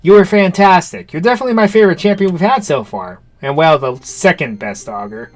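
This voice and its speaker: A man's voice: high-pitched, animated, a little fast, voice pushed up. A man voicing a brash, eager environmentalist ally in a game, chummy with crude slang. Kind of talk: reading game dialogue aloud.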